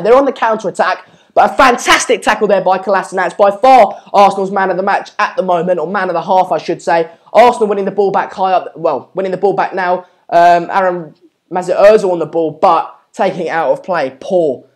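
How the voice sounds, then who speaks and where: A man's voice: sits high, fairly quick. Chatty young man hosting a football watchalong. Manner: chatty, lots of ums, urges viewers to subscribe. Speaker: live stream watchalong host. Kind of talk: live football watchalong commentary, reading chat.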